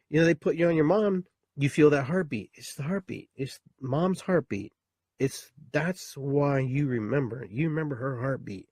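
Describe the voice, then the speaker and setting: A man's voice: mid-range voice, husky, no room sound, clean studio sound. A middle-aged man hosting a live show, talking casually and in a rambling way about spiritual beliefs, and acting out a newborn's voice now and then. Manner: rambling, animated, acts out a newborn's voice.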